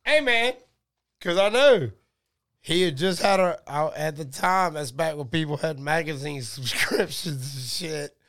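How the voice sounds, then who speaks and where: A man's voice: fairly high pitch, measured pace, fairly bright tone. A man in his forties, a podcast guest telling a rowdy, profane story in casual chat. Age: 40s.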